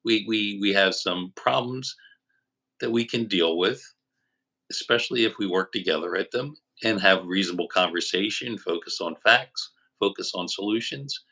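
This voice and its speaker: A man with a lowish, bright, sharp-edged voice co-hosting a political talk stream. He speaks in a measured, dry way during casual back-and-forth chat. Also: rough recording. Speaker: co-host called doctor.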